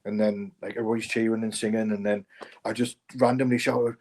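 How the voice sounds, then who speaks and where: Fast-talking excitable Scouse man. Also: lowish voice, a little hiss or hum. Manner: excitable, rambling. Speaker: podcast co-host. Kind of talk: casual storytelling.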